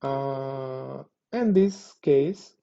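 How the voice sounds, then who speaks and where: A man's voice: mid-range voice, extremely slow, vocal fry, dull audio, soft background music. A man teaching a Spanish lesson, explaining patiently with frequent fillers. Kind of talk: language lesson.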